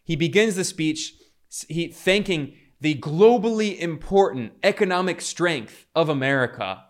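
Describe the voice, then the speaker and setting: A man's voice: on the high side, expressive, unhurried. A man giving fervent political commentary, talking through clips with frequent restarts. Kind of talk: casual commentary over clips.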